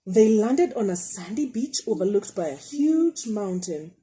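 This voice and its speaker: Lively woman reading a storybook aloud. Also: medium pitch, measured pace, slight background noise, low-quality recording. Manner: lively, asks the listener questions about the pictures. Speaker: teacher. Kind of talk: reading a picture book aloud to children.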